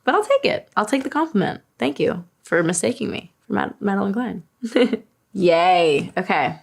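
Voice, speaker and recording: A singer in her twenties from Long Island, New York, answers fans' search questions about herself in casual chat, laughing and self-deprecating. Her mid-range voice is very animated, creaky, and husky, at a normal speed.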